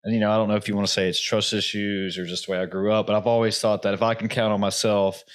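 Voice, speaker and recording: Guy hosting a chat, kinda low voice, wanders around his questions. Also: flat delivery, quick pace. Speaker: interview host. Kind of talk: conversational interview.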